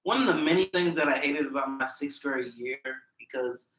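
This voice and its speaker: A man's voice: medium pitch, moderate pace, fairly bright tone. A young man co-hosting a podcast, laid-back and laughing often as he trades stories in casual chat. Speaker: podcast co-host. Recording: echoey room.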